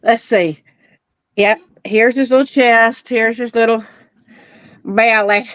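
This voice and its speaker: A woman's voice: fairly high pitch, steady tone, slow pace, no room sound, lo-fi sound. A woman co-hosting a live crochet chat, playful and laughing as she coaxes her dog.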